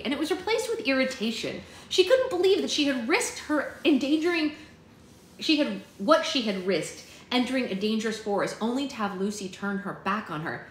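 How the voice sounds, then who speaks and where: A woman hosting a book club, reading a children's novel aloud in a steady, plain storytelling manner with small slips. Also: medium pitch, echoey room, a little hiss or hum, rough recording.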